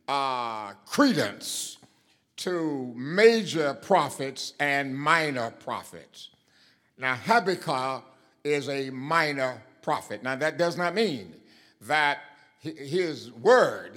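A man preaching a sermon as a Bible lesson, talking deliberately with many fillers and leaning hard on stressed words. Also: mid-range voice, a bit bright.

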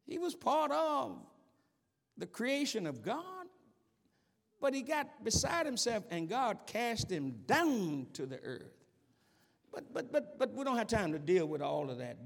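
A man preaching in a slow, measured delivery that swings widely in pitch. He keeps calling out questions for the congregation to answer and climbs into shouted passages. His voice carries a long reverb, as if filling a large hall. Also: gravelly. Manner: call-and-response preaching, rising to shouts. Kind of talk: sermon.

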